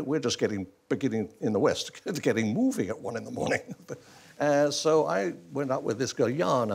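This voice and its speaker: A man's voice: mid-range voice, gravelly, breathy edge. An older man telling wry stories as a talk show guest, chuckling through them. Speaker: interview guest. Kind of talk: anecdotal storytelling in a talk show interview. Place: television studio.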